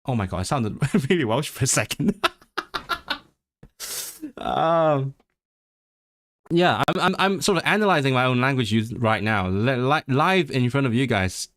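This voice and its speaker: With a mid-range voice, a slightly slow pace, and long pauses, a man livestreams casually about language learning. He thinks aloud and restarts often, reads chat, and tries learner's Welsh with lively intonation. He's a native English speaker using a desk mic.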